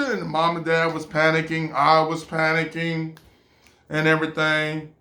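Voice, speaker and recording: A man's voice: fairly high pitch, monotone, moderate pace, bright, forceful tone. A man from California telling a personal story to camera in a rambling, repetitive way with chuckles. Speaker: vlogger.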